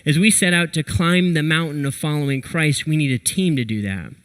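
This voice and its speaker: Man, young adult, pastor, sermon, animated storyteller, slightly high voice. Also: a little fast, poor audio. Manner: storytelling with lively animated retellings.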